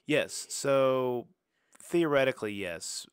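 A man's voice: medium pitch, expressive, slow pace, clear, resonant tone, no echo, studio quality. A young man from the American South, co-hosting a casual movie podcast in a rambling, swearing way. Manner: rambling, lots of filler and restarts, swears casually. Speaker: podcast co-host.

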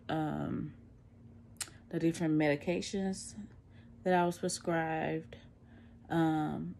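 A woman's voice: lowish voice, creaky, a little mellow, slight background noise. A middle-aged woman, chatting candidly to a phone camera at home, out of breath and tired after surgery. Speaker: vlogger. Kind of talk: casual post-surgery recovery vlog.

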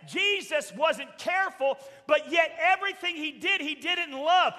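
A man preaching a sermon as pastor, emphatic, shouting at high points and dropping soft for quoted asides. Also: moderate pace, few pauses. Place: church sanctuary. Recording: long church reverb.

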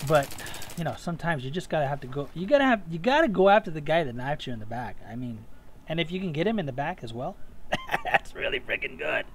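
A man's voice: fairly high pitch, sing-song, fast talker, a little hiss or hum. A man giving rambling, self-mocking voice-over commentary on his own gameplay, easily getting worked up. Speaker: gaming commentator.

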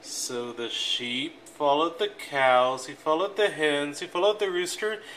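A reader telling a children's picture book aloud, slow and deliberate, with clear, expressive phrasing. A faint hiss of room noise sits underneath. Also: mid-range voice.

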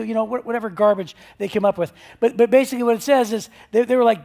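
A man's voice: very high-pitched, steady tone, fast talker, vocal fry, hardly any pauses, warm tone. A man preaching a sermon as pastor, talking in a conversational, joking storytelling way.

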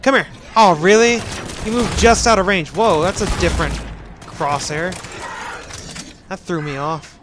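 A man's voice: high voice, measured pace, pauses often, noisy background. A man giving casual game commentary, sarcastically ranting at a glitchy game. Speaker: gaming commentator.

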